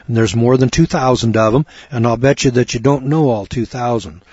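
A man's voice: mid-range voice, fairly quick, a little mellow, breathy edge, no echo. A man preaching a folksy sermon on scripture, wry and full of rhetorical questions. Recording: dull lo-fi recording.

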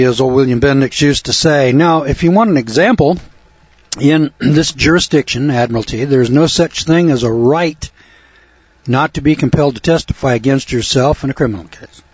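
A man's voice: mid-range voice, normal speed, slightly rough, no room sound. Folksy lecturing man on lo-fi radio. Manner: folksy, sardonic, lecturing cadence. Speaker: radio law commentator. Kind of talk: lecture-style radio commentary with call-in promo.

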